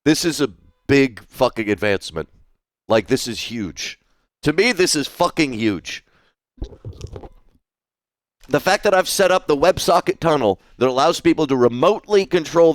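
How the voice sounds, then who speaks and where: A man's voice: on the high side, no echo, clean studio sound. A man live-streaming while he draws, chatting casually, swearing freely and reading out viewers' messages. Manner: chatty, swears freely, reads chat aloud.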